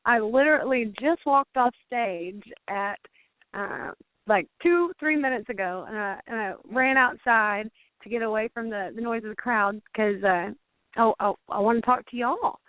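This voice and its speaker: Southern lady singer calling in, bubbly and chatty, kinda high voice, tinny phone sound. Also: moderate pace, no room sound. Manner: upbeat and chatty. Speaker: country singer guest. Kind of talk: casual phone interview. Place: outdoors.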